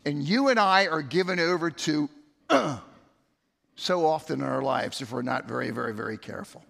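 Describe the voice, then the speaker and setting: Speaking at normal speed, a middle-aged pastor with a slightly high, creaky, fairly bright and expressive voice preaches conversationally. He tells stories and repeats words often, with long hall reverb from the church sanctuary.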